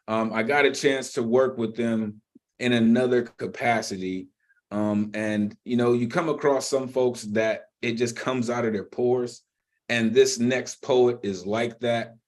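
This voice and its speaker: A man's voice: on the low side, darkish tone. A man hosting an online poetry open mic over a video call, effusive as he praises and introduces performers.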